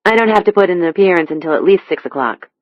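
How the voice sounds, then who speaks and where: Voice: medium pitch, expressive, racing, dry recording, natural voice. An audiobook reader voicing Joanna, a gracious American woman who runs a club in Japan, in a dull, dry close recording. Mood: friendly. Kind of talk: audiobook dialogue.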